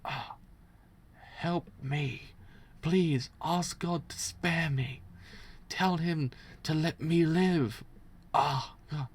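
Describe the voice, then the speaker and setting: A man's voice: fairly high pitch, very slow, long pauses, breathy edge, voice pushed up, exaggerated voice. A man voicing a wounded male guard, groaning and pleading for his life while reading a manga aloud.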